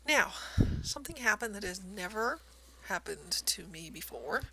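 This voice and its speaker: A woman shows off her stitching in a relaxed home video, chatty and self-deprecating. Her voice has a gravelly fry, and she often slips into soft near-whispers. A faint hiss sits under the recording. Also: mid-range voice, normal speed, low-quality recording. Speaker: cross stitch vlogger. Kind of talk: casual show-and-tell narration.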